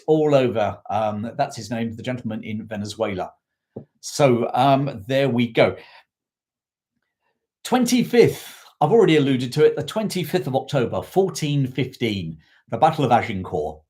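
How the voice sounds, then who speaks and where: A man's voice: mid-range voice, a little mellow. A man talks history to a live online audience in an unscripted, meandering way. He restarts sentences, corrects his own slips and stops to thank viewers from the chat. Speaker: history livestream host.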